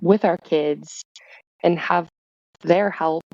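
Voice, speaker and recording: A woman guest in a casual podcast chat, telling stories with lively asides. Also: fairly low pitch, slow, no room sound. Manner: chatty storyteller, lively asides. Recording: dull, dry lo-fi sound.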